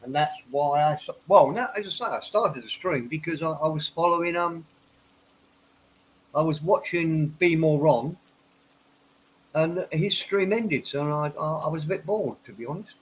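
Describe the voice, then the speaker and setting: A man's voice: a little high, normal speed, a little hiss or hum, poor audio. A man hosting a casual livestream chat, stuffed up from a head cold and a few whiskeys in, rambling and restarting his words. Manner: tipsy after a few whiskeys. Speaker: livestream host. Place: home office.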